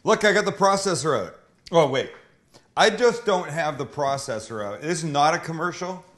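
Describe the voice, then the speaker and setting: A man's voice: a little high, expressive, normal speed, a bit bright. A man hosting a casual cooking livestream from a kitchen, joking with his crew and swearing loosely. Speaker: cooking show host.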